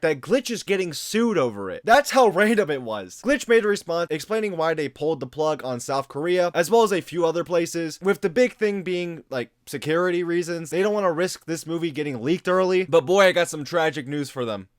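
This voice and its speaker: A man's voice: fairly high pitch, expressive, a little fast, hardly any pauses. Sarcastic young man doing commentary. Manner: sarcastic, exasperated, repeats words. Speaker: commentary YouTuber. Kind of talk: casual commentary.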